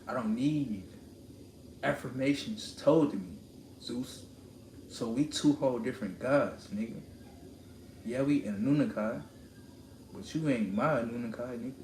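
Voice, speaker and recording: A man's voice: mid-range voice, unhurried, pauses often. A man streaming live, talking in a confrontational, preachy rant and repeating lines for emphasis. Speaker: livestreamer. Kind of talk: ranting live stream monologue. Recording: roomy echo with steady background noise.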